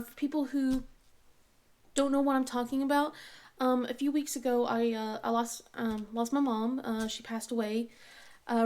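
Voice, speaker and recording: A woman's voice: on the high side, a little mellow. A woman hosting a craft channel in a casual rambling chat, sounding congested. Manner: rambling, many fillers and restarts.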